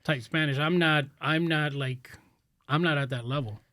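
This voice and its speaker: A man's voice: on the high side, normal speed, pushed and bright, no echo, studio quality. A man talking bluntly and casually as a podcast guest, swearing freely and laughing easily.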